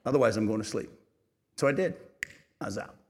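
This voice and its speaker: A middle-aged male preacher telling a lively, humorous story from the pulpit, often laughing as he goes. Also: on the low side, brisk, breathy edge. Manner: animated storytelling, laughing at his own story. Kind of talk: sermon storytelling.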